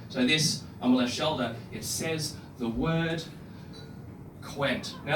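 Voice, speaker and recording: A young Australian man on a comedy club stage, his voice high for a man and swinging widely as he delivers crude, punchy lines. He laughs into his own jokes. The sound is roomy and picked up from some distance, with a club murmur behind. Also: background noise. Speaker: stand-up comedian. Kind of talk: live stand-up comedy set. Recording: roomy club, distant mic, crowd ambience.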